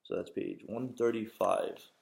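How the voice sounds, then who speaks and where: A father reading a novel aloud to his children, steady with occasional slips and self-corrections. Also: fairly low pitch, unhurried, creaky.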